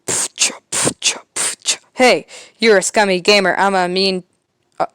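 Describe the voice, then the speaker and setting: A woman voicing an angry male rapper character, rapping roughly with beatboxing in a homemade podcast retelling. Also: mid-range voice, steady tone, normal speed, no echo, studio quality, lightly acted.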